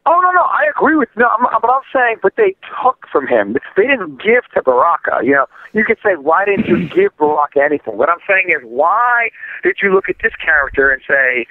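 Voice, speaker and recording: A man's voice: sits high, big pitch swings, brisk, dry recording. A man in a casual gaming podcast chat, heated and ranting about a fighting game. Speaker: podcast guest. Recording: tinny phone-like line.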